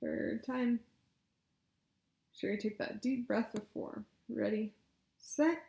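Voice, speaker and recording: A woman leading speech exercises, coaching patiently with encouragement and loud spoken demonstrations. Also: on the high side, little pitch movement, takes it slowly, gravelly. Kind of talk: guided exercise instruction. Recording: echoey room.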